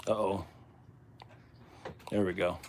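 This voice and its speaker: Speaking slowly in a low voice with little pitch movement, this livestream host has a Midwestern American accent. He rambles along in a laid-back, casual chat as he works on a task, over slight background noise.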